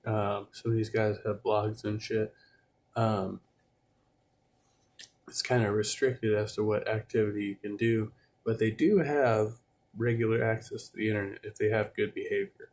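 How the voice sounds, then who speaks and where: A man's voice: fairly low pitch, flat delivery, moderate pace, a little mellow. A man hosting a livestream, chatting loosely about news clips with fillers and the odd swear. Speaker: livestream host reacting to clips. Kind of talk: casual commentary.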